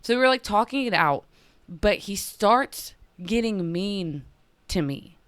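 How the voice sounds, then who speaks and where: A woman's voice: medium pitch, lively intonation, measured pace, smooth, no echo. A young woman hosting a podcast, telling a personal story in a casual confessional way, full of "like" fillers. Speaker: podcast host.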